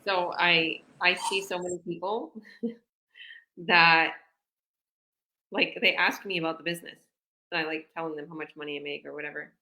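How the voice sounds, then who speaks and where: A woman's voice: fairly low pitch, fairly even intonation, moderate pace, long pauses, pushed and bright. A woman business coach from Canada chatting casually on a live video call, rambling and acting out conversations. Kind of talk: casual live-stream chat.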